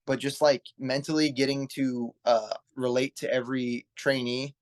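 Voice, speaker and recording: A young man in his twenties talks as a guest on an interview show, earnest and rambling, restarting sentences as he goes. His voice sits at an ordinary pitch for a man. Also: little pitch movement, normal speed. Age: 20s. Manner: earnest, rambling, self-correcting. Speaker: guest, pro wrestler. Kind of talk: casual interview storytelling.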